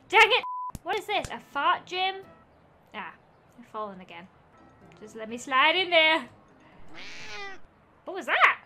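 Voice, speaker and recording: A woman's voice: sits high, bright, forceful tone, slight background noise. A young woman giving giggly, exclamation-filled let's-play commentary as a gaming YouTuber, talking to the game as she plays.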